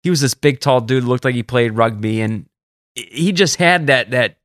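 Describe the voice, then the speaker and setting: A man co-hosting a casual podcast, telling stories with lively energy and jumping up in pitch whenever he quotes someone. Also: normal speed, dry recording, clean studio sound. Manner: animated storyteller, jumps up in pitch for quotes. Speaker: caddie podcast co-host. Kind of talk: casual storytelling chat.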